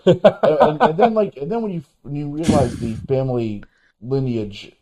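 Halting man with a mellow voice. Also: fairly high pitch, lively intonation. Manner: halting, many restarts and fillers, laughs as he talks. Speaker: podcast co-host. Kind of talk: casual chat reviewing a film.

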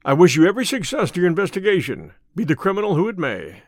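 A man's voice: high-pitched, huge pitch swings, fast, darkish tone, no echo, studio quality, exaggerated voice. A man reading the part of a dignified, wry statesman in an audiobook, formal in manner.

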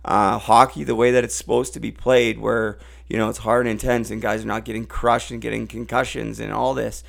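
Gravelly low-voiced Canadian man chatting. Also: a little fast. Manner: animated, rises and gets loud when making a point. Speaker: host. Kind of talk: casual chat.

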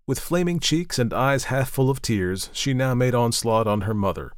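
A man narrating an old-fashioned novel, reading in a measured storytelling way. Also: medium pitch, lively intonation, no echo, clean studio sound. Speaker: audiobook narrator. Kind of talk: scripted narration.

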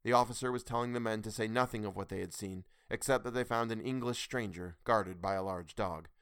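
A man reading a story aloud in a measured, dramatic storytelling manner. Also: medium pitch, creaky, a bit bright, clear, resonant tone, no room sound, clean studio sound. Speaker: podcast host reading a story. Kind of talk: audiobook narration.

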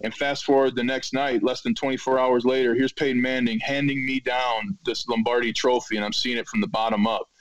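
A man in his thirties tells stories as a podcast guest, lively and animated, jumping into loud acted-out quotes. The sound is dry and a little dull. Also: mid-range voice, no room sound. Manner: animated storyteller, acts out quotes loudly. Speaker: guest, retired football player. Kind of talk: storytelling in a podcast interview.

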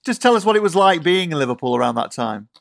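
A man's voice: a little high, big pitch swings, quick pace, creaky, dry recording, clean studio sound. A man from Yorkshire interviewing guests with friendly, prompting questions. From Yorkshire, England.

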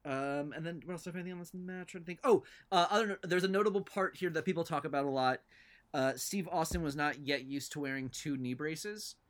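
A man with a slightly raised voice co-hosts a casual podcast. He rambles through his points with pauses and asides, speeding up and slowing down as he goes. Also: a little high, a bit bright. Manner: rambling, hesitant, lots of fillers and asides. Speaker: podcast co-host.

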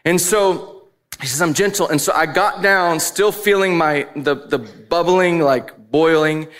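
A man's voice: a little high, moderate pace, fairly bright tone. Man preaching in a chatty, laughing way. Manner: conversational preaching with laughs and asides. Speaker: pastor. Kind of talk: sermon.

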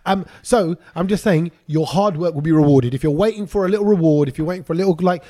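A man co-hosting a casual podcast, telling stories in an animated way and slipping into playful voices. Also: on the high side, fast talker. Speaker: podcast co-host. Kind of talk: casual chat.

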